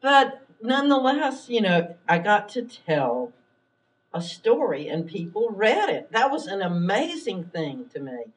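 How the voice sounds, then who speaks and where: A woman's voice: medium pitch, very animated, unhurried. A woman author speaking in a thoughtful, self-deprecating way at a library event. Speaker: author on a panel. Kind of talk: unhurried conversation. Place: public library event room. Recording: distant mic at a live talk.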